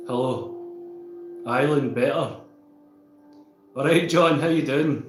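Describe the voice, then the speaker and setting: A man's voice: mid-range voice, slow, long pauses, reverberant, music in the background, poor audio. A Scottish man chatting casually with viewers on a livestream, reading out and answering their comments.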